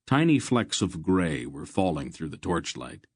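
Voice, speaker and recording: A man reading a fantasy audiobook in a measured, steady narration. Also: low voice, husky, no echo, clean studio sound.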